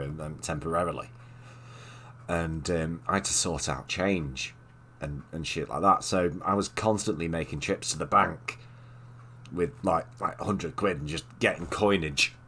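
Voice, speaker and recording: A man's voice: extremely low pitch, pushed and bright, a little hiss or hum. A man hosting a casual chat, hesitant and full of fillers. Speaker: host.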